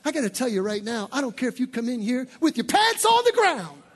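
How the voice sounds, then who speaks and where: A man preaching a sermon as pastor, rising to shouted peaks and dropping into playful, joking asides. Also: very high voice, very animated, fairly quick, breathy edge, a faint crowd.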